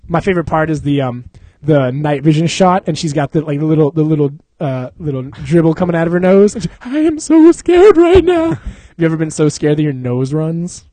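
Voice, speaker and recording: A young man chats casually as a podcast co-host, rambling through slangy stories and laughing often. His voice sits fairly high for a man. The sound is dry and close. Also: brisk, mellow, no room sound. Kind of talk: casual chat.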